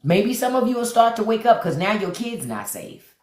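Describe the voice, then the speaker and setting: A woman's voice: fairly high pitch, big pitch swings, moderate pace, a little mellow. A woman hosting a livestream, talking bluntly and preachily, repeating lines for emphasis and greeting viewers by name. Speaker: live stream host. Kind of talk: livestream commentary. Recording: echoey room.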